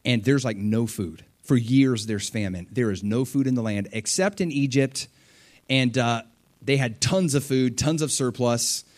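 Male pastor, lively storytelling sermon, plays out the characters' lines. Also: mid-range voice, measured pace. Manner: animated storytelling, acting out voices.

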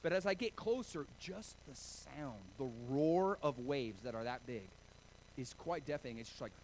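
A man from Oregon preaching a sermon, telling stories with animated, self-deprecating humor. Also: medium pitch, normal speed, slight background noise, low-quality recording. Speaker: pastor.

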